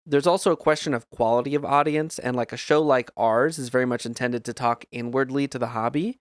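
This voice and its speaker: A man's voice: medium pitch, fairly quick, dry recording, studio quality. A man hosting a podcast, thinking aloud in a casual chat. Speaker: podcast host.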